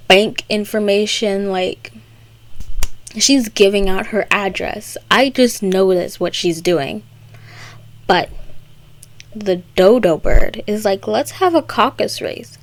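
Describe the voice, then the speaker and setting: A young woman recapping a story for comedy, with sarcastic, rambling asides. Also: medium pitch. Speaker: video creator.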